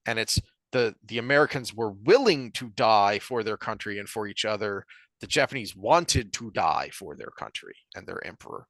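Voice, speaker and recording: Bright, crisp-sounding man discussing a book. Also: lowish voice, expressive, no room sound. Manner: halting, reads passages aloud, many restarts. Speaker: podcast co-host.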